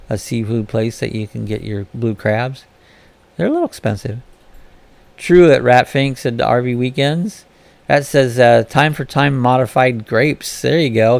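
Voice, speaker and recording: A man's voice: mid-range voice, normal speed, vocal fry, darkish tone. A man from Florida hosting a casual live-stream chat, reading viewers' comments aloud and answering them in a chatty way.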